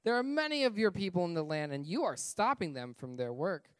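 A harsh, stern pharaoh, put on by a man reading scripture aloud, barking orders in a raised, emphatic voice. The sound is dry and close. The delivery slows and presses each demand. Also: high-pitched, very animated, clear, resonant tone, no room sound. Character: stern angry male pharaoh, harsh ruler.

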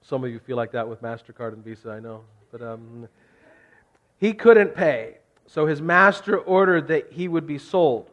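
A man's voice: medium pitch, animated, normal speed, fairly bright tone. A man preaching a sermon in a conversational, jokey way that builds to emphatic points. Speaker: pastor.

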